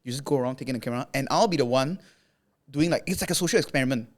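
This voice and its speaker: A man's voice: medium pitch, rapid-fire. A young man from Malaysia, a podcast guest, casually telling a long story with lots of fillers and acted-out quotes. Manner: animated, filler-heavy retelling with acted quotes. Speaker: podcast guest, content creator.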